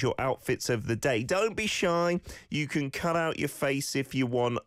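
Male host, low voice, playful teasing feedback, dry close sound. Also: dry recording. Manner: playful, teasing feedback with exaggerated example intonation. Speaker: host teaching phrases and playing listener clips. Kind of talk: casual radio-style teaching.

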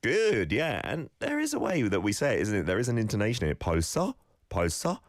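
A male radio host teaching Korean in a studio, lively and encouraging, carefully explaining pronunciation. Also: on the low side, fast talker, no room sound. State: slight cold, sneezing. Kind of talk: radio lesson with listener clips.

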